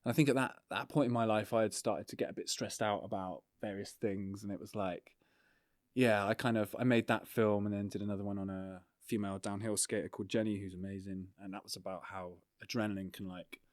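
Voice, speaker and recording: Laid-back man, low voice. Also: brisk, no room sound, studio quality. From England. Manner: relaxed, rambling, frequent fillers and swearing. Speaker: documentary filmmaker guest. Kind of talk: casual podcast interview.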